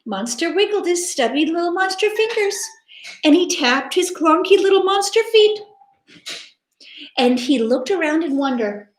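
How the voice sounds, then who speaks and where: Animated woman reading a storybook to kids. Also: very high-pitched, normal speed. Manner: animated, interactive, dramatic gasps. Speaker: teacher reading aloud. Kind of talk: children's story read-aloud. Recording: echoey room.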